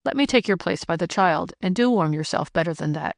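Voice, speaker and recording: A woman's voice: on the low side, lively intonation, a little fast, creaky, no room sound, studio quality. A woman reading the part of a sturdy, good-humored widowed ploughman in an audiobook, sounding hearty and earnest.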